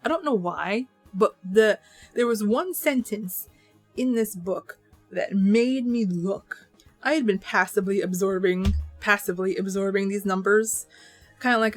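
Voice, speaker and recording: Young woman book vlogger, mid-pitch, chatty rant, faint music bed. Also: unhurried. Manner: animated, ranting, lots of "like" fillers. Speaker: book reviewer. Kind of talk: casual book wrap-up rant to camera.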